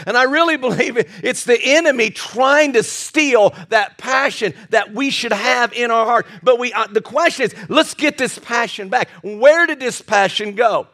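A man preaching a sermon at a church service, energetic and folksy, often restarting his words and breaking into loud emphasis. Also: very high voice, moderate pace, hardly any pauses. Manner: energetic and animated, with frequent stammered restarts and bursts of loud emphasis; folksy and humorous with the congregation. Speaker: pastor. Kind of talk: sermon with personal stories.

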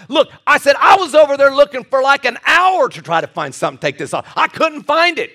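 Male pastor with a very high voice, animated sermon delivery, breaks into shouts. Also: fairly quick, few pauses. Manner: animated preaching, storytelling with bursts of shouting.

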